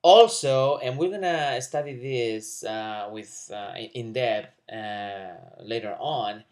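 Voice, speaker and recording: A man teaching a video language lesson, explaining question forms and slowly modeling example sentences for learners to repeat. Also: medium pitch. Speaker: Spanish teacher.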